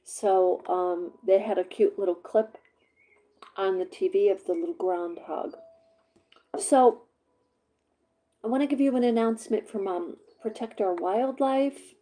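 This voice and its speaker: A woman from Vermont chatting casually to her camera, rambling with many fillers, her voice a little hoarse as she works through a cough drop. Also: medium pitch, measured pace, pauses often, warm tone, poor audio. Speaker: vlogger.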